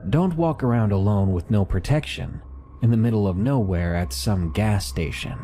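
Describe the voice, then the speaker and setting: Deep-voiced male horror story narrator. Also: normal speed, noisy background. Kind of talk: scripted narration of submitted horror stories.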